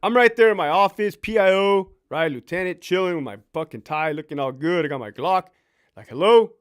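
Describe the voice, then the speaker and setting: High-voiced profane storytelling man. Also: brisk, smooth. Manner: profane, laughing, animated storyteller. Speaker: former prison officer live-streaming. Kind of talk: casual storytelling live stream.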